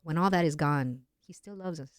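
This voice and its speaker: A woman's voice: low-pitched, moderate pace, dry recording, clean studio sound. A woman in her thirties telling a personal story as a podcast guest, acting out the voices of the people in it. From Latin America. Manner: animated, acts out quoted voices. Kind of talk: casual storytelling.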